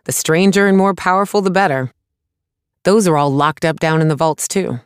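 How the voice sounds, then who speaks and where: A man's voice: on the high side, normal speed, smooth, no room sound, studio quality, pitched above the performer's own voice, lightly acted. A man doing a sarcastic little woman artificer. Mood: wry. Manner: blunt, impatient, scornful.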